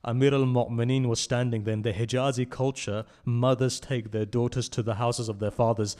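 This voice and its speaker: Man, mourning sermon, impassioned recitation, mid-pitched voice, swells loud then sinks low, questions the crowd. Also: steady tone, a little fast. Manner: addresses listeners directly with tag questions. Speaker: mourning-gathering speaker. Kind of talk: emotional religious recitation. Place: religious centre hall.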